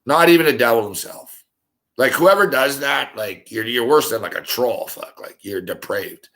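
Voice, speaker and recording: A man hosting a sports talk show, ranting heatedly in a profane monologue full of rapid rhetorical questions. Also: mid-range voice, animated, fairly bright tone.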